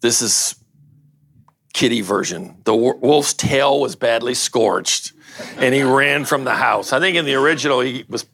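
Older male pastor, gravelly voice, playful storyteller who jokes with the crowd. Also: medium pitch, measured pace. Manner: lively storyteller, banters and laughs with the audience. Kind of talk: casual sermon with a read-aloud story.

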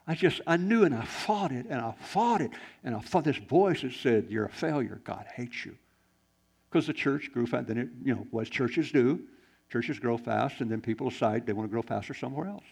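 A man preaching a sermon, shifting between loud exclamations and hushed, quiet lines. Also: medium pitch, lively intonation, a little fast, creaky, breathy edge. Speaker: pastor.

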